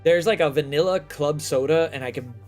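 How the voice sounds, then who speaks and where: A man from the United States hosting a casual chat show, telling stories in a lively, profane way. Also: on the high side, brisk, faint music behind. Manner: animated, profane storytelling. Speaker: host.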